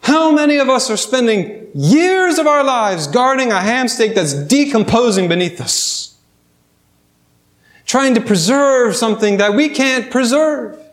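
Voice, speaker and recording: Male preacher, high voice, storytelling sermon style with lots of questions to the congregation.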